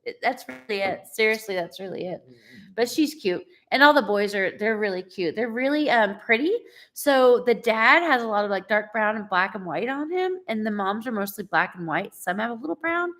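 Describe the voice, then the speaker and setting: A woman co-hosting a casual live stream from her ranch, chatting warmly and now and then breaking into playful sing-song calls. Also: medium pitch, expressive, moderate pace. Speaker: ranch owner, livestream co-host. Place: ranch home, indoors.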